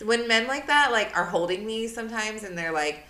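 Young woman telling a dating story, swears constantly, bright edge, echoey room. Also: fairly high pitch, moderate pace. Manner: swears a lot, animated retelling. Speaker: podcast co-host. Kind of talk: casual chat, storytelling. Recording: roomy echo.

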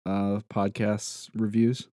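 Low-key man with a mellow voice. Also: level tone, slow pace, no room sound, clean studio sound. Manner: low-key, hesitant, many ums. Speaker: podcast co-host. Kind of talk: casual chat.

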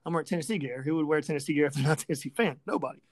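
A woman's voice: sits low, rapid-fire. A woman hosting a sports talk show, ranting sarcastically and with profanity about a rival team. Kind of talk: ranting sports podcast chat.

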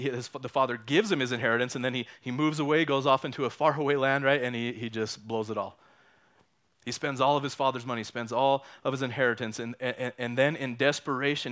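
A man's voice: mid-range voice, fairly bright tone. A man in his thirties or forties preaching a sermon in a conversational way, often repeating words and asking "right?". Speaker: pastor. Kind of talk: sermon with personal story.

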